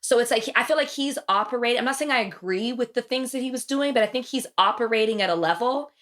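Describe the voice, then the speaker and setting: A woman's voice: on the high side, quick pace, fairly bright tone. A woman with a Southern US accent hosting a podcast in casual chat, restarting sentences and laughing often. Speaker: podcast host.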